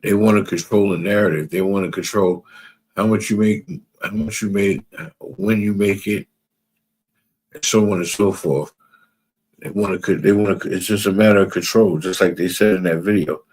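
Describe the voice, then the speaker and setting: Man, religious class teacher, husky and low, emphatic preaching, quotes scripture. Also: steady tone, moderate pace, darkish tone. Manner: emphatic, repeats phrases, asks "you understand?"; reads out scripture verses.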